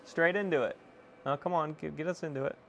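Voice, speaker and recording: A young man casually chatting to viewers on a live stream while repairing a console, excitable and swearing freely. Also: on the high side, a little fast, creaky, a little hiss or hum. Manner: excitable, swears, self-deprecating laughs.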